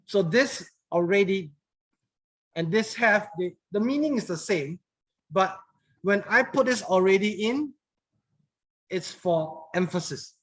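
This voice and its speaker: High-voiced man teaching English grammar. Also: lively intonation, takes it slowly, pauses often. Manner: patient, repeats phrases, mixes in Mandarin words. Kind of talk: classroom grammar lesson.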